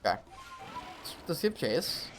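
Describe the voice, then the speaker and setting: A man commentating his own live gameplay stream, talking to himself and the game with quick reactions. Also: a little high, big pitch swings, a bit bright, soft background music.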